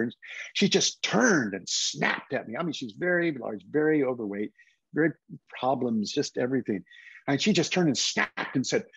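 A man's voice: medium pitch, sing-song, moderate pace, vocal fry, breathy edge, no room sound, lo-fi sound. A man in his seventies, a guest actor telling anecdotes in a casual interview and slipping into put-on voices when quoting people. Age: 70s.

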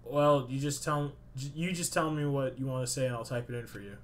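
A young man playing a video game, reading the dialogue aloud and reacting with swearing and sudden loud outbursts. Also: medium pitch, fairly quick, hardly any pauses, slight background noise. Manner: swears a lot, swings from mumbling to loud excited outbursts. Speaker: let's play gamer. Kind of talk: let's play commentary reading dialogue aloud.

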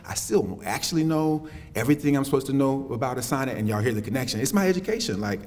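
A middle-aged man from South Carolina, lecturing on campus with animated storytelling and folksy asides. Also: mid-range voice, quick pace, a little hiss or hum. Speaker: poet lecturing. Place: lecture hall.

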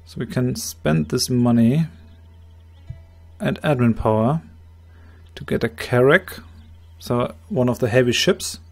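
A man with a slightly hoarse voice calmly explaining his moves, thinking aloud in a strategy game let's play. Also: mid-range voice, takes it slowly, faint music behind. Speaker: game commentator.

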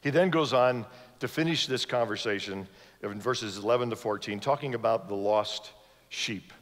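A man's voice: mid-range voice, normal speed, a bit bright. Man preaching a storytelling sermon in a reverberant church. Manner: storytelling, acting out voices of the people in the story. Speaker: guest preacher. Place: large church sanctuary. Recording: long hall reverb from a church sanctuary.

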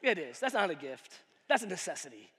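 A male pastor preaching a sermon, animated, swinging from shouts to hushed asides. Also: fairly high pitch, brisk, breathy edge. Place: church auditorium. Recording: long reverb of a church hall.

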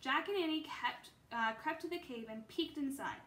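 A woman reading a children's chapter book aloud in a steady storytelling way. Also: sits high, moderate pace. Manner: steady storytelling with small slips. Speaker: reader. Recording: roomy with faint ambience.

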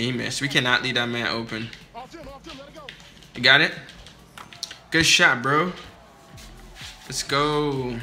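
A man's voice: medium pitch, sharp tone. A young man giving casual, heated commentary over his own basketball video game match, swearing and trash talking his teammates and opponents.

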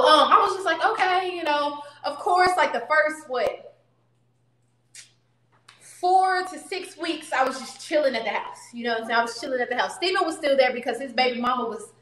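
Bright, animated woman telling a story. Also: high-pitched, moderate pace. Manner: blunt, animated, talks back to people off camera. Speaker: storyteller vlogger. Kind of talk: casual storytime. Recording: echoey room.

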